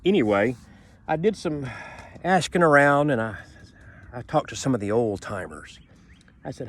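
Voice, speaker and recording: A man's voice: on the low side, normal speed, a little hiss or hum. A man with a stuffy, sniffling nose giving a rambling, folksy vlog outdoors in a sunny garden yard, filmed on a handheld phone. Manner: folksy, rambling, repeats himself. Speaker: homesteading vlogger.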